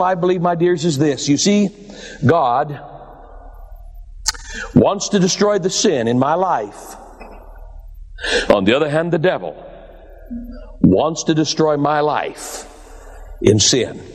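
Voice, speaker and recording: Male preacher, high voice, dramatic delivery, long hall reverb. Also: lively intonation, slow, long pauses. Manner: dramatic preaching, swings high and low, addresses listeners as "my dears". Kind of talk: sermon.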